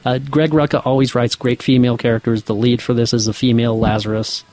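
A man's voice: mid-range voice, level tone, quick pace, a little mellow, no echo. A man on a casual podcast panel, explaining facts about comics. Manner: informative, fact-adding. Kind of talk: casual chat.

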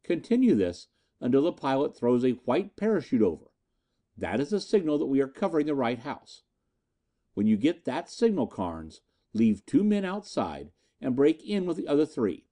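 Brief: authoritative big investigator, voiced by the narrator, mellow and curt. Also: male voice, mid-range voice, very animated, natural voice. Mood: commanding. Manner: brisk, authoritative orders. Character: big, commanding male scientist-detective.

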